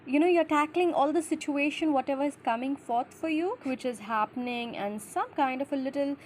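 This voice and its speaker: A woman's voice: sits high, brisk, slight background noise. A woman giving short intuitive tarot messages to each zodiac sign, talking straight to the listener in a reassuring way with simple, slightly non-native phrasing. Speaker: tarot reader.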